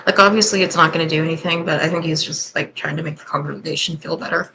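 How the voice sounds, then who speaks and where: A woman's voice: sits low, steady tone, fast talker, creaky, background noise. A woman hosting a reaction commentary, candid and sarcastic in her skeptical remarks. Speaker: host and commentator.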